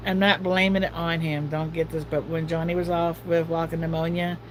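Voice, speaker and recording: A woman's voice: low-pitched, level tone, brisk, a little hiss or hum, poor audio. A middle-aged woman hosting a casual livestream, talking in a chatty, folksy, rambling way. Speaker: livestream host.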